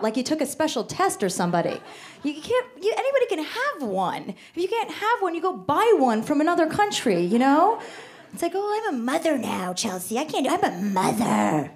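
Brash high-voiced woman doing stand-up. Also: sing-song, a little fast. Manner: brash, sarcastic, profane ranting. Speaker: stand-up comedian. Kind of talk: stand-up comedy set. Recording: live club set with audience. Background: audience laughter.

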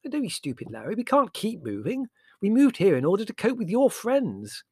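A man voicing a vague, fussy middle-aged mother who is mild, flustered and gently reproving. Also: high voice, wildly swooping pitch, normal speed, husky, no room sound, pitched above the performer's own voice, heavily acted.

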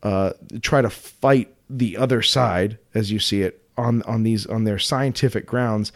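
A man co-hosting a podcast in casual chat, animated and quick to laugh, often restarting his sentences. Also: on the low side. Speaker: podcast co-host.

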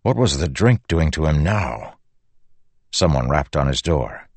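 Brief: male audiobook narrator, measured delivery, low voice. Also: animated, gravelly, darkish tone, no echo. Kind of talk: scripted narration.

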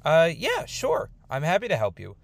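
A man's voice: on the high side, huge pitch swings, moderate pace, gravelly, no echo, voice pushed up, heavily acted. A man voicing a mysterious male angel, smug and teasing in an offhand, casual way.

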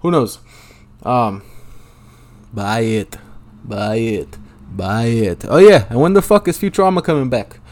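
A man's voice: medium pitch, unhurried, darkish tone. A young man hosting a solo podcast, rambling casually and swearing a lot in a laid-back way. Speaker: podcast host. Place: Los Angeles, at home.

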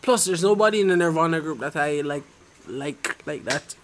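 A man co-hosting a podcast outdoors at night, telling animated stories full of swearing and jokes. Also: on the high side, normal speed. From Jamaica. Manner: animated storyteller, swearing and joking. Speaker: podcast co-host. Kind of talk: casual chat among friends.

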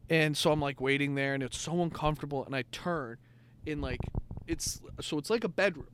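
A young man with a slightly higher voice rambles through a story on a podcast. He piles up fillers and curse words as he talks. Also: brisk, fairly bright tone, clean tone. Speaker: podcast co-host. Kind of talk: casual chat.

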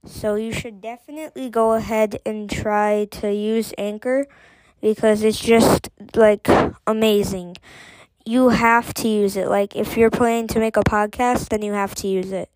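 Slow, rambling woman podcast host. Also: medium pitch, steady tone, a little mellow, no echo, poor audio. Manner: rambling, full of "like" and "um". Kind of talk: casual podcast chat.

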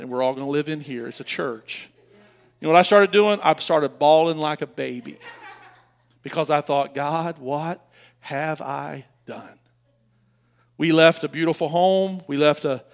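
High-voiced pastor preaching. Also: male voice. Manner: storytelling, emotional, repeats words, rises to loud passionate bursts. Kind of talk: sermon.

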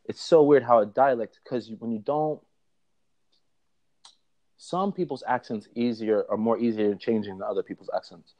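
A man's voice: medium pitch, normal speed, long pauses, muffled recording. A young man from Florida with a mixed American and British accent, a podcast guest chatting casually and laughing often. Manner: laughing, animated storytelling. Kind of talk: casual chat. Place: living in London.

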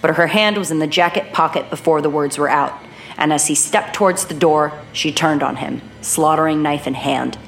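A woman narrating a horror audiobook in a measured, even reading voice. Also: deep voice, vocal fry, soft background music.

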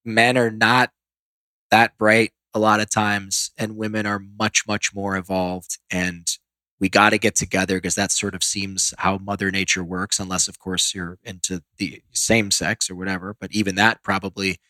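A man's voice: low-pitched, little pitch movement, normal speed, sharp tone, no echo. A man who is a podcast guest, telling candid stories in a rambling, self-deprecating way with many restarts. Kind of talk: candid storytelling.

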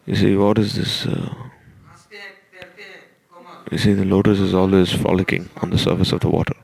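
A man recounts a devotional tale in a slow, halting manner, often restarting his sentences. His voice sits low with a gravelly edge, and he talks with little rise and fall. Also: little pitch movement, darkish tone. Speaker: storyteller. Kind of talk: devotional story talk.

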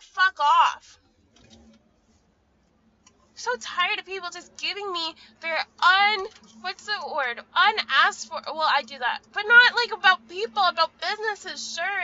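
High, bright young woman ranting. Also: highs cut off. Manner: profane, ranting, frequent "like". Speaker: vlogger. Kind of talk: casual venting monologue.

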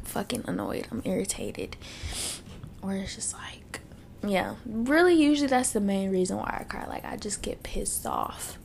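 A woman's voice: mid-range voice, creaky, slight background noise. A woman hosting a casual solo podcast. She is teary after crying and vents in a frank, profane, frustrated way with lots of fillers. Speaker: podcast host. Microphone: podcast microphone.

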